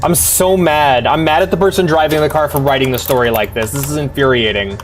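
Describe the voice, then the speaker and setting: A man's voice: on the high side, brisk, soft background music. A man streaming a game live, ranting in exasperation and swearing heavily, often stumbling over restarts as he talks to his viewers. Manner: exasperated profane ranting with frequent stammered restarts.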